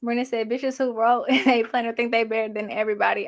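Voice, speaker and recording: A woman's voice: fairly high pitch, steady tone, fairly quick, hardly any pauses, a bit bright. A young adult woman hosting a casual livestream, reading chat comments in a chatty, sassy, slangy way. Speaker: channel host reading live chat.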